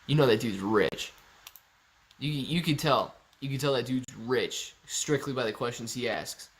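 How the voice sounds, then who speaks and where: A man's voice: medium pitch, a little slow. A man hosting a casual live stream, chatting and joking as he reads viewer comments aloud.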